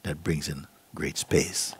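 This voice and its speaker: A middle-aged man, a spiritual teacher, giving a gentle, unhurried talk and acting out voices in his stories. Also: very deep voice, fairly even intonation, breathy edge. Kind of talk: satsang talk, storytelling. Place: gathering hall.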